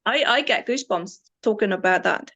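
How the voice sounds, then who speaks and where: A woman's voice: medium pitch, brisk, fairly bright tone, lo-fi sound. Woman in her forties, German-born, British Isles-influenced accent, enthusiastic, rambling, tour guide. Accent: British Isles-influenced English. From East Germany. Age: 40s. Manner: enthusiastic, rambling with many restarts. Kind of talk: casual interview storytelling.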